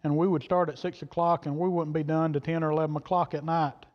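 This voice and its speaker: Preacher guy telling a story in church, kinda high voice, long echo, muffled sound. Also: little pitch movement, fast talker. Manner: folksy, plain-spoken, quoting others in turn. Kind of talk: sermon storytelling. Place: church sanctuary. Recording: dull reverberant church hall audio.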